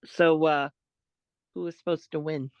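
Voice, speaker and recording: A woman co-hosting a podcast, telling a story in a casual, animated way, quoting what others said. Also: deep voice, a little slow, dry recording, muffled recording. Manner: animated retelling, quotes others, laughs often. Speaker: podcast co-host.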